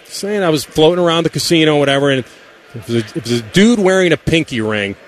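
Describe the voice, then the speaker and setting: A man's voice: on the high side, lively intonation, fast talker, a little hiss or hum. A man co-hosting a sports radio show from a broadcast booth, telling stories in a laid-back way. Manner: laid-back, storytelling, trails off and restarts. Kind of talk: casual radio banter. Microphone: studio mic.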